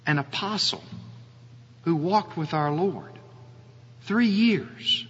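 A male pastor preaching a sermon, slow and earnest, often asking his listeners rhetorical questions. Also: on the high side, animated, fairly bright tone, a little hiss or hum. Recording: dull audio with long hall reverb.

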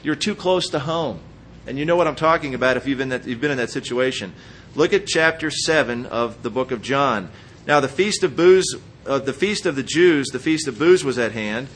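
A man preaching a sermon, walking the congregation through Bible passages with lively asides and acted-out quotes. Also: medium pitch, normal speed, slight background noise. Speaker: pastor.

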